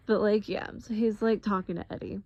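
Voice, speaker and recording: A woman casually telling a story out of character, chatty and animated, with lots of filler words. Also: mid-range voice, fairly quick. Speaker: narrator. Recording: dull lo-fi recording.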